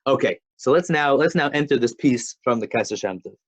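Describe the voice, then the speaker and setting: A man's voice: mid-range voice, expressive, fairly quick, husky, low-quality recording. A man giving an informal Torah class, talking conversationally with frequent restarts and telling stories. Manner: conversational, many restarts and fillers, storytelling. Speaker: Torah teacher.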